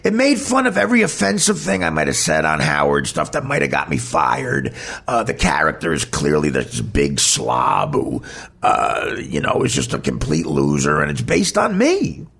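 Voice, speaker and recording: A man's voice: a bass voice, huge pitch swings, moderate pace, gravelly, a bit bright, breathy edge. A man hosting a podcast, telling a candid personal story in a blunt, profane, rambling way. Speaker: podcast host.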